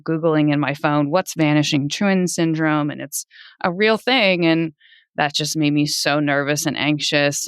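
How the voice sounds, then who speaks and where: Laughing frequently, a woman in her thirties shares a personal story as a podcast guest, her voice leaping up when she quotes people. The animated telling comes through in a clean tone, echo-free, with clean studio sound.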